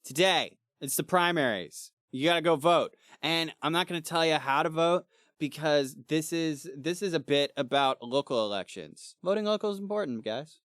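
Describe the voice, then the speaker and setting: A man co-hosting a book club podcast, casually retelling the story in an animated way and slipping into quick character voices. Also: fairly high pitch, smooth, dry recording, studio quality. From Missouri, USA. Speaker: podcast co-host.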